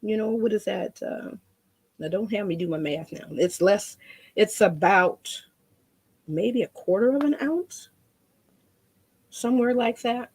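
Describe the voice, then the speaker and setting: A woman's voice: mid-range voice, unhurried, pauses often, a little mellow, slight background noise. A woman demonstrating a painting craft in a chatty, rambling way, often repeating her words.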